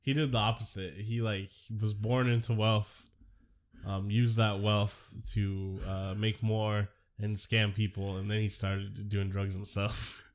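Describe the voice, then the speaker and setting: A man's voice: on the low side, flat delivery, measured pace. A man co-hosting a podcast in casual chat, rambling and swearing, laughing often, sick with a cough. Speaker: podcast co-host.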